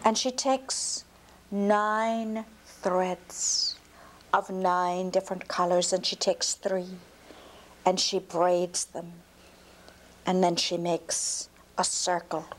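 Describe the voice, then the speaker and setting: Woman reading a folk tale to a kid, slow and unhurried, hushed whispery bits. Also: fairly low pitch, fairly even intonation. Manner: drops to whispers for suspense. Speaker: storyteller. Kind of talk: telling a folk tale aloud to a child.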